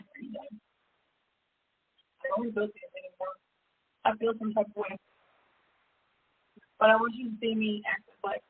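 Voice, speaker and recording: A woman hosting a self-help seminar, talking candidly and casually about her own life, laughing often and jumping up into a high pitch. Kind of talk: casual personal monologue. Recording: tinny phone-like audio with faint hiss.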